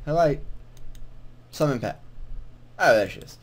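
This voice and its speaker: A man's voice: medium pitch, lively intonation, moderate pace. A young man casually commenting while playing a quest, rambling and self-mocking, often confused. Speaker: gamer playing through a quest. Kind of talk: casual let's-play commentary.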